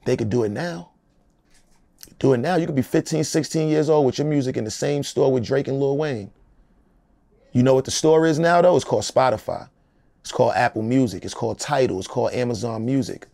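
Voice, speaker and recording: A man's voice: medium pitch, brisk, gravelly, darkish tone, no echo. A man in his forties, a rapper being interviewed, talking in a casual, profane, streetwise way and often adding "you know what I'm saying".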